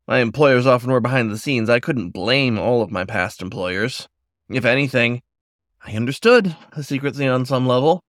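A man narrates a first-person story in a measured, reflective manner. His voice sits at a middle pitch. The recording is dry and close, with no room sound. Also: dry recording. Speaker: audiobook narrator.

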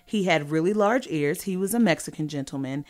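A young woman from California hosting a casual podcast chat, sassy and animated, laughing often and swinging between loud claims and low asides. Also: a little fast. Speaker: podcast host.

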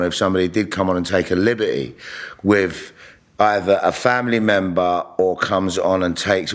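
A middle-aged man, telling stories bluntly and profanely, often restarting his sentences. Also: low voice. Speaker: interviewee. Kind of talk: candid storytelling.

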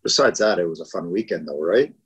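A laid-back male co-host talks in casual chat, pausing and repeating himself as he works through his thoughts. His voice is low and has a husky grain. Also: lo-fi sound. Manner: relaxed, halting, repeats words while thinking. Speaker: podcast co-host.

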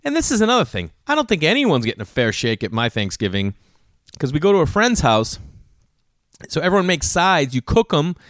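This podcast host's voice sits a little high and moves fairly quickly, captured dry and clean in a studio. He rambles through a casual solo monologue, voicing family members' dialogue as he spins his stories and cursing without hesitation.

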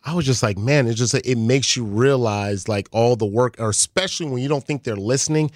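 A man's voice: mid-range voice, fairly quick, no echo. Reflective man, dry close sound. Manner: reflective, rambling with fillers. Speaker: podcast guest. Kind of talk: casual chat.

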